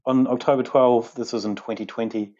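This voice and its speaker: A man's voice: mid-range voice, steady tone, a little fast, dark tone, highs cut off. Teasing man on a podcast. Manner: teasing, playful. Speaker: podcast co-host. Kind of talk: casual chat.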